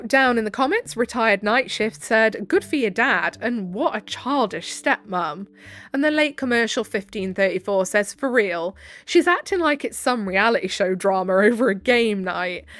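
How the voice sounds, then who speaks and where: A woman's voice: medium pitch, fairly bright tone. A woman narrating online stories aloud, breaking in with sarcastic asides and frequent laughter. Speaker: story narrator. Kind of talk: reading online stories with commentary.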